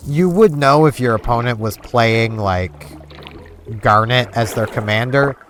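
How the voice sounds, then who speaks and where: A man's voice: medium pitch, measured pace, fairly bright tone, slight background noise. A man vlogging while playing a game, rambling casually with many fillers. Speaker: gaming vlogger. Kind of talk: casual chat over gameplay. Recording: game music underneath. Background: game music.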